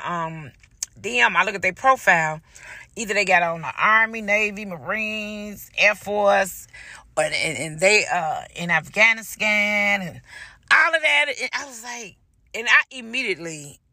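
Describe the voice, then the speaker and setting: A woman with a raspy voice telling stories in a casual monologue, blunt and profane, acting out both sides of each exchange. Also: medium pitch, no echo. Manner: blunt, profane, animated storytelling. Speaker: podcast host.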